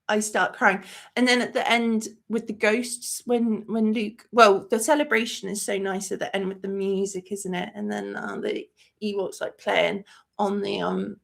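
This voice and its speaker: Speaking in a creaky, medium-pitched voice, this host of a movie review channel chats on a live stream. She gets emotional and wanders from point to point, leaning heavily on fillers.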